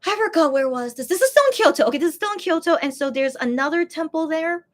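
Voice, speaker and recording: A woman's voice: sits high, quick pace. A young woman telling a story in a casual, rambling way, with lots of restarts and fillers. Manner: lively, breaks into laughs. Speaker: vlogger.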